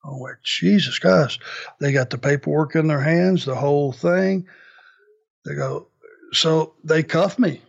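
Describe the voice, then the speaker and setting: A man as an interview guest, telling an anecdote in a casual, animated way with many restarts. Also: fairly high pitch, measured pace, gravelly, muffled recording. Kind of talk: casual storytelling.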